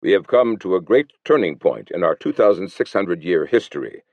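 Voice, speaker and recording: A man's voice: low voice, lively intonation, normal speed, no room sound. A man reading as an insistent finance minister. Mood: pressing. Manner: insistent questioning. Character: Japanese finance minister, middle-aged man, pressing and argumentative. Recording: slightly muffled dry recording.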